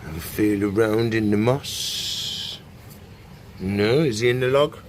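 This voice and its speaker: A man, a reptile keeper chatting casually through animal checks and coaxing the animals in a soft voice. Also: fairly low pitch, takes it slowly, a little hiss or hum. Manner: chatty, talks softly to the animals. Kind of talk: casual animal care vlog.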